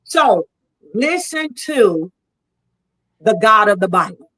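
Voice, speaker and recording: A woman's voice: mid-range voice, sing-song, slow pace, a bit bright, poor audio. A woman in a heated debate, arguing in a combative, preachy way and leaning on scripture. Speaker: debate guest.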